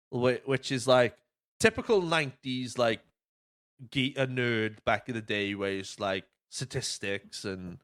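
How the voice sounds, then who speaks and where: A man's voice: mid-range voice, unhurried, fairly bright tone, dry recording, studio quality. A man hosting a podcast, telling stories casually with lots of swearing and acted-out quotes. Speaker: podcast host. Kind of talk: casual chat.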